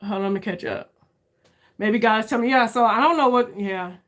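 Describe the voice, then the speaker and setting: A woman in her fifties, a beauty creator, talking candidly and searchingly straight to her viewers in a casual chat, often calling them "y'all" and rising in pitch for emphasis. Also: brisk, fairly bright tone. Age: 50s.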